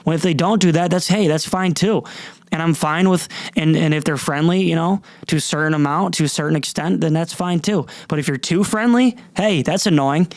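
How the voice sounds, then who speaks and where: Young guy rambling on his podcast, kinda high voice, goofy rants, super dry close mic. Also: a little fast, dry recording. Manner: rambling, animated, mocks people in silly voices. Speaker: podcast host. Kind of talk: rambling comedic monologue. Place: warm room, downstairs.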